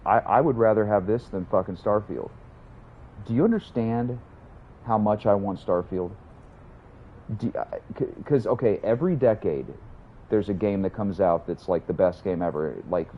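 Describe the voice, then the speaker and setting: A man's voice: on the low side, dark tone, slight background noise. A young man chatting casually while livestreaming a game, rambling, swearing and answering his chat. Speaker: streamer.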